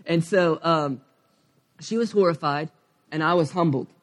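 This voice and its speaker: Male pastor, 30s, candid rambling sermon storyteller with a fairly high voice. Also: measured pace.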